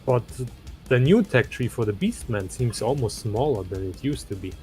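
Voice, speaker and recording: A man's voice: mid-range voice, lively intonation, moderate pace, darkish tone. A man with a German accent talks over a strategy game in an easygoing, hesitant way. He stops to think mid-sentence and fills the gaps with "uh", with faint music underneath. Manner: thoughtful, hesitant, many uhs. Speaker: gamer. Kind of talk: casual gaming chat.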